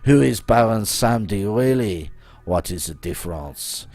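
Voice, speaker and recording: A man's voice: lowish voice, expressive, a little slow, darkish tone. A man voicing a grand, scheming male hacker with a put-on French accent, who talks about himself in the third person. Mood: grave.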